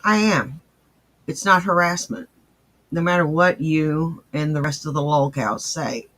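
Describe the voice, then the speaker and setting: A man's voice: fairly high pitch, a little slow, bright, forceful tone. A man commenting on a clip in a blunt, scornful way, swearing casually. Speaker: commentator reacting to clips. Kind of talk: reaction commentary.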